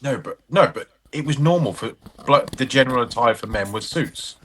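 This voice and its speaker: A man co-hosts a podcast, bantering casually in a rambling, jokey style and swearing freely. His mid-range voice has lively intonation and a bit of brightness at normal speed, with slight background noise.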